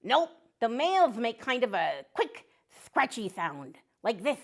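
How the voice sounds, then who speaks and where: A woman's voice: fairly high pitch, very animated, unhurried, full character voice. A woman voicing a joke-loving male mallard duck who tells puns and quacks between lines in a children's show. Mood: jokey. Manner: punny, bursts into quacking.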